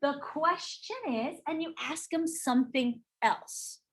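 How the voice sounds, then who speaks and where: A middle-aged woman teaching a live real estate sales class, animated and often checking in with her listeners. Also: sits high, slow. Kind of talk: live training talk to a class.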